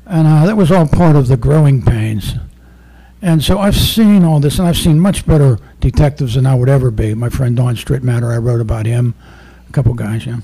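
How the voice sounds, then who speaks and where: A former undercover narcotics officer turned poet, giving a rambling, profane poetry reading full of stories. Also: male voice, mid-range voice, moderate pace, mellow, breathy edge. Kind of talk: live poetry reading with storytelling.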